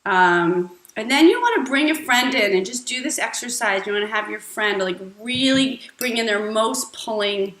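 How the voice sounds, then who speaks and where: A woman's voice: a little high, animated, normal speed, few pauses, a bit bright. A woman hosting an advice vlog, answering viewer questions in a playful, blunt, irreverent way. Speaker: host. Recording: echoey room with faint music.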